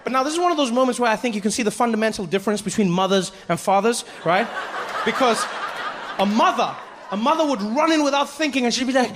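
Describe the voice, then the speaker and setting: High-voiced man telling a stand-up story. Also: fast, background noise. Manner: animated storytelling with acted voices. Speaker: stand-up comedian.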